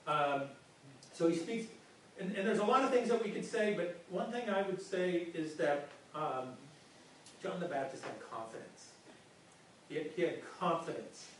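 A man's voice: high-pitched, expressive, moderate pace, slight background noise. A male pastor giving a conversational sermon, often repeating words as he speaks. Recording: echoey room from far off.

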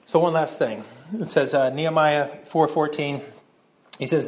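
Middle-aged male pastor, sermon, conversational, slightly higher voice, restarts his sentences. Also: fairly even intonation, normal speed. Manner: conversational, repeats words when starting sentences.

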